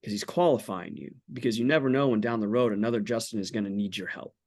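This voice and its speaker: A man's voice: on the low side, quick pace, darkish tone. A man in his forties, a podcast guest, talking candidly about faith in an earnest, blunt way with casual swearing. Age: 40s.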